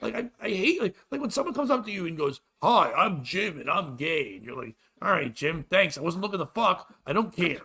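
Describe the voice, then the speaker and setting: A man hosting a comedy podcast, ranting in a loud, exasperated and profane way. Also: high-pitched, very animated, fast talker, gravelly, hardly any pauses, breathy edge. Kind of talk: crude comedic rant.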